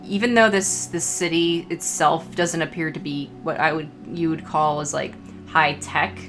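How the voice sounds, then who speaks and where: Low-voiced woman running a tabletop game. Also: fairly bright tone. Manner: halting, many fillers. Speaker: game master. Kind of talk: narrating a tabletop horror game.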